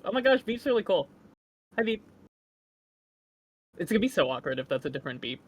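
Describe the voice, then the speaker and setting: A guest co-streamer chatting casually on a voice call, excitable, laughing easily and sometimes yelling. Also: medium pitch, breathy edge. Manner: excitable, quick to laugh and yell.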